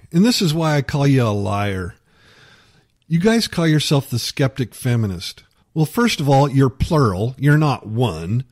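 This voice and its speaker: A man rants furiously into the camera, his voice pitched a little high and swinging wildly up and down. He swears constantly and spits out mockery with heated scorn. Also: darkish tone. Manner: heated, profane, mocking. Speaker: YouTube commentator. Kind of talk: angry rant.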